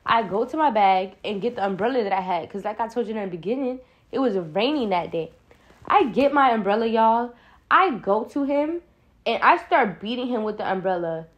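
A young woman vlogger telling a storytime in casual slang, often calling viewers y'all and acting out her own lines. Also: normal speed. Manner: animated retelling, acts out her own quoted lines louder and higher.

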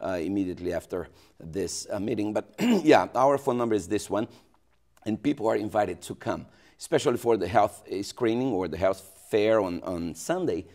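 Pastor, male, Brazilian Portuguese accent, very low voice, halting interview speech. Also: expressive, a little mellow. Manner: hesitant, many restarts and fillers. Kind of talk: local TV interview.

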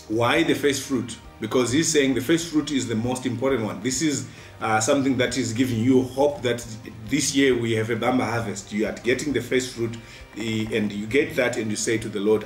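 Male pastor, steady earnest preaching, faint music behind him. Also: mid-range voice, moderate pace. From Zimbabwe. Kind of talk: midweek devotion sermon. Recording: roomy sound from a distant mic, faint music.

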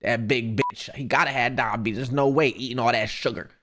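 A man streaming live, chatting casually with viewers and ranting in a profane, animated way. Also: mid-range voice, fairly quick.

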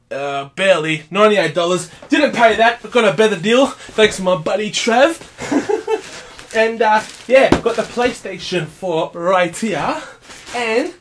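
A man with a fairly high voice, unboxing a game console on camera. He talks in an unhurried way but keeps getting excited, peppering everything with "mate". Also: a little hiss or hum. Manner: excitable, says mate a lot. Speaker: gaming vlogger. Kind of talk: casual unboxing chatter.

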